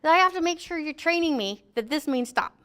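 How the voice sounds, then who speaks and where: High-voiced middle-aged woman, joking safety instructor who acts out quotes. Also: expressive, fairly quick, sharp tone. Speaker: safety trainer. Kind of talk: classroom training talk.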